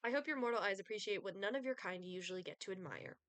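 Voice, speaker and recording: A woman voicing a cold, sardonic male Grim Reaper in a dating game, speaking in a dry, disdainful, deadpan way. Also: mid-range voice, fast, clear, resonant tone, dry recording, natural voice. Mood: haughty.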